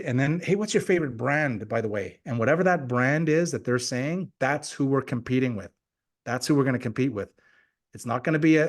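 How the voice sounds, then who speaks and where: A man giving an energetic, motivational sales talk on a team call. He often repeats himself and acts out quoted conversations. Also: medium pitch. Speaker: guest speaker on a team call. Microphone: call audio.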